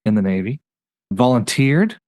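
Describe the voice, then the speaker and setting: A man hosting a podcast, chatting casually in a review and rattling off facts in quick bursts. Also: mid-range voice, very animated, darkish tone, no echo. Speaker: podcast host.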